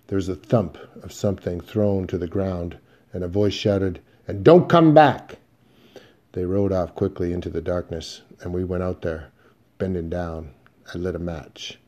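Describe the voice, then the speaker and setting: A male audiobook narrator telling a western in the first person, steady and measured. His voice is low and dark, with a mellow tone. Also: dull audio.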